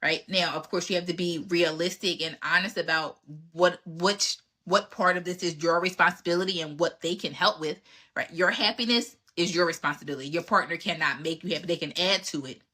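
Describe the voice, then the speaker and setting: A woman in her thirties talking through relationship advice in a casual, candid way. Her voice is bright and forceful, pitched a little low for a woman, and she is emphatic as she acts out old conversations with men she dated. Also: brisk. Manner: candid and emphatic, acts out exchanges with past dates. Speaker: podcast host answering relationship questions.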